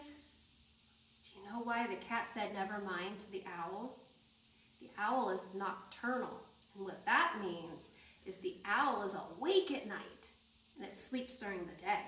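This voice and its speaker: A woman librarian reading a picture book aloud to young children, asking them questions in a sing-song, animated way. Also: mid-range voice, slow, a little hiss or hum. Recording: roomy sound, mic at a distance.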